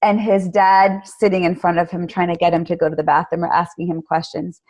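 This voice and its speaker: A woman guest on a podcast interview, telling stories in an animated way. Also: lowish voice, fairly quick. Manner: animated storyteller. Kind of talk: conversational interview.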